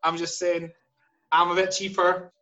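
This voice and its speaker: A man's voice: high voice, completely flat delivery, unhurried, bright, forceful tone, faint music behind. A man playing his character in a tabletop game, cheeky and boastful. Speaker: player. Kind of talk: in-character tabletop role-play.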